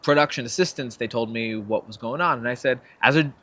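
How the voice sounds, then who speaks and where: A man's voice: mid-range voice, brisk. A young man, a filmmaker and actor, telling stories as a guest in a casual interview, acting out the quotes. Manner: animated storyteller, acts out quotes with laughs.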